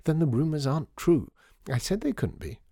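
A man voicing an effusive society lady in a storybook reading, high and fluttering. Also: big pitch swings, fairly quick, warm tone, no room sound, studio quality. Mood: gushing. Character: gushing society lady, older woman.

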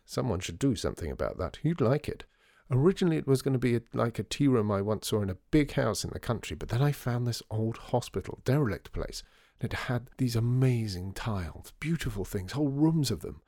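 A man voicing Artie, a wry, theatrical former department store boss who talks with flair and sharp wit. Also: mid-range voice, animated, brisk, no echo, studio quality. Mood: enthusing.

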